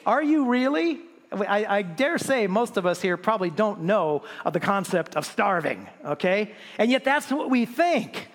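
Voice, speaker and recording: A man preaching a sermon as pastor, animated, with many restarts and rhetorical questions to the congregation. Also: high voice, moderate pace, big-room sound.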